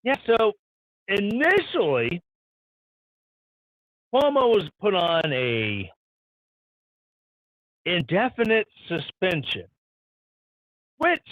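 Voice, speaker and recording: Animated, high-voiced sarcastic male streamer. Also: extremely slow, long pauses, no echo. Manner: sarcastic, irreverent, ranting. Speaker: live stream host. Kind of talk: sarcastic news commentary. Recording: dull lo-fi stream audio.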